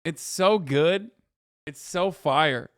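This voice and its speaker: A man streaming reaction commentary, talking in a profane, animated and mocking way. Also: a little high, extremely slow, no echo, clean studio sound.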